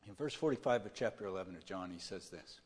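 A man's voice: low-pitched, animated, fast, a little mellow. Man preaching in a reverberant hall. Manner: checks in with listeners, plain-spoken retelling. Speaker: pastor. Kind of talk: conversational sermon. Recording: long reverb of a large hall.

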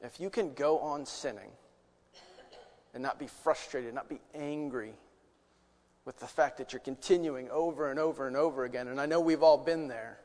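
A man preaching a sermon, earnest and conversational, asking rhetorical questions and moving between loud emphasis and quiet asides. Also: medium pitch, moderate pace, big-room sound.

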